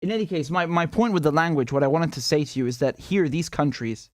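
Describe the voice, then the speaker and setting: A man's voice: fairly high pitch, fast talker, a little mellow, no room sound. Guy rambling through a map, lots of ums and restarts, dry close sound. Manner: rambling, lots of fillers and self-corrections, chuckles often. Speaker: political commentator. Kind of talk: casual explainer over a map.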